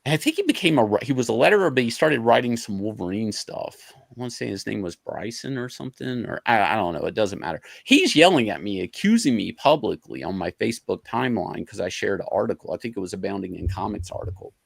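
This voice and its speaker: A man guesting on a podcast, a comic artist telling stories in a casual, animated way, swearing freely and acting out the arguments he recounts. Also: on the low side, fast talker, vocal fry, few pauses, husky, no echo, clean studio sound. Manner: animated, profane, acts out quoted arguments.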